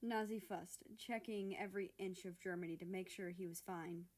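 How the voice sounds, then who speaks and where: A woman narrating a fan fiction story in a steady storytelling manner. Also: on the low side, moderate pace.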